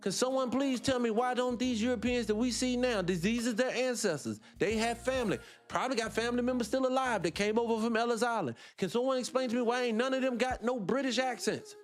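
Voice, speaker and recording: High-voiced impassioned talk show host. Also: male voice, fast, few pauses, faint music behind. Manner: impassioned, fires rhetorical questions at listeners; digresses, laughs between points. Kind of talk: livestreamed talk show monologue.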